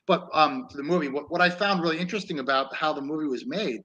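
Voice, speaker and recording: A man with a slightly high voice talks fast in a pushed, bright way over lo-fi audio. He co-hosts an online talk show and chats loosely about an old film, rambling, restarting often and laughing a lot.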